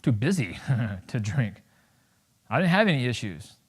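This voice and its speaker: A man's voice: mid-range voice, sing-song, unhurried, slightly rough. A man in his thirties, a veteran giving a public talk to an audience, blunt and joking, acting out conversations as he tells them. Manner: blunt, joking, acts out dialogue with wide swings of loudness. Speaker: veteran speaker.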